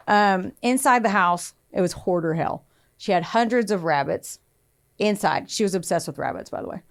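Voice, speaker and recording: A woman's voice: mid-range voice, normal speed. A young adult woman co-hosting a podcast, telling a true crime story in casual chat, acting out quotes in raised voices and swearing freely.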